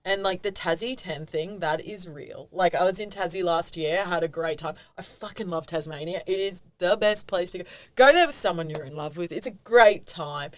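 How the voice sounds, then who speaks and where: Blunt, swearing Australian woman, lowish voice. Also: normal speed, hardly any pauses, no room sound. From Queensland, Australia. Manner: blunt, swears freely, reacts with outrage. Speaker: podcast co-host. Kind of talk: casual chat.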